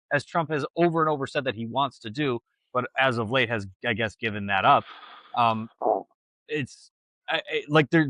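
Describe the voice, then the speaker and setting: A man's voice: a little high, a bit bright, no echo. Hesitant man debating on a podcast. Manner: hesitant, many restarts and "like". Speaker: podcast co-host. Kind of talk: casual political debate.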